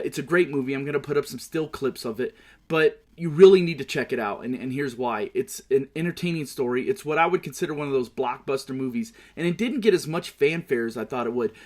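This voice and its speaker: A man hosting his own show, giving casual sports picks and movie talk, swearing and ranting hotly about his team. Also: medium pitch. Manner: profane, heated ranting. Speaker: show host.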